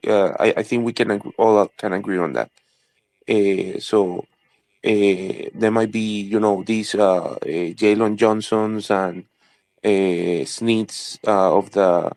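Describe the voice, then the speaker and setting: A man with a somewhat low voice calls in to a live fan discussion. He speaks haltingly, filling gaps with hesitant sounds and restarting phrases, and his sound is close and dry. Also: darkish tone, no room sound, low-quality recording. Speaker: caller. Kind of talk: casual call-in discussion.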